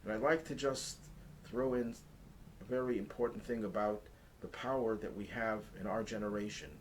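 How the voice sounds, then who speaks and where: A man's voice: lowish voice, steady tone, moderate pace, slight background noise, poor audio. Earnest man giving a Torah lesson. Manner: earnest, builds intensity when stressing points. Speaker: rabbi teaching the weekly Torah portion.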